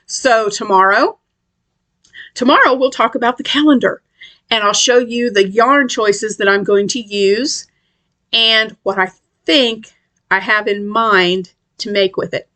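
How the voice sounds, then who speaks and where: A woman's voice: fairly high pitch, pushed and bright. Chatty woman crochet vlogger. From West Tennessee, USA. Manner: rambling, chatty, many ums and restarts while checking her work. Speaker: crochet channel host. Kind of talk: casual craft vlog chat.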